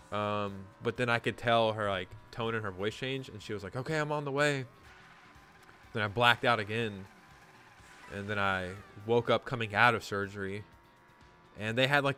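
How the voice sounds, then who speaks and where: A man's voice: on the low side, pushed and bright. A gaming YouTuber, a man, telling a story in casual, rambling chat, swearing often and saying "like" a lot. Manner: rambling, profane, lots of "like".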